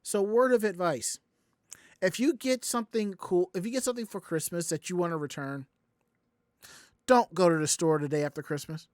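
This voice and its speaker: With a high-pitched voice and a moderate pace, a man from the American South hosts a laid-back podcast. The sound is studio quality with no echo, and his long story comes alive as he performs everyone's quoted lines.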